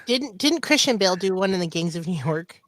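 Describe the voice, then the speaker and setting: A man's voice: sits high, animated, fairly quick, fairly bright tone, no room sound. A man co-hosting a pop culture podcast, chatty and explanatory. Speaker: podcast co-host. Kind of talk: casual pop culture chat.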